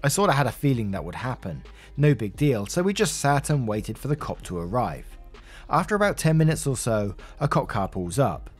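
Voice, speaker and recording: A man reads a Reddit story aloud, casual and chatty, with asides along the way. His voice sits at an average pitch over faint background music. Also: sing-song, normal speed, breathy edge. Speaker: story narrator.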